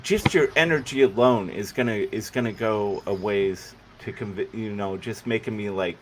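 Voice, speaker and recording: A man hosting a casual online panel show, excitable, laughing often and swearing casually as he scores pitches. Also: normal speed, hardly any pauses, a little hiss or hum. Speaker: podcast host running a pitch panel.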